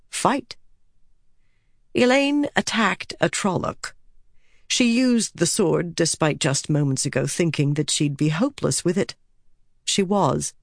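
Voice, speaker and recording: A woman narrating a fantasy battle scene with steady storytelling delivery. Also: low voice, no echo, studio quality. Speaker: audiobook narrator. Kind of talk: scripted narration.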